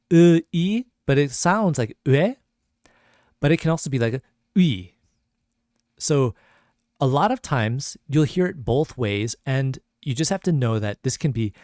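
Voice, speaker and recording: A man's voice: medium pitch, darkish tone, dry recording, clean studio sound. A man teaching a pronunciation lesson, patiently repeating each sound several times. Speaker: language teacher.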